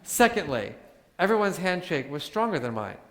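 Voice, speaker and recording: A man giving a live talk to an audience, animated and joking as he acts out examples. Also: fairly high pitch, moderate pace. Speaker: workshop speaker. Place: large hall with audience. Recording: hall reverb.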